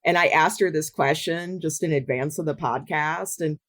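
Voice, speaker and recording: Middle-aged woman, low voice, calm advisory podcast guest. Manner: measured, advisory. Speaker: dance adjudicator and studio owner. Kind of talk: podcast guest giving advice.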